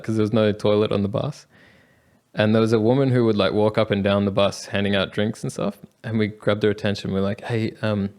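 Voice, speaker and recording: A man's voice: on the low side, steady tone, fairly quick, a little mellow. Rambling young man, laughing storyteller. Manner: rambling, laughs often, many fillers and restarts. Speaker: travel vlogger. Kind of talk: casual travel storytelling.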